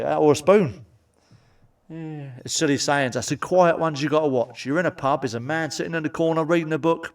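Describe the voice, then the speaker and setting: A man's voice: fairly high pitch, recorded from a distance. A man doing crude stand-up comedy, blunt and sweary, with frequent asides to the audience. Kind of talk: crude stand-up joke telling.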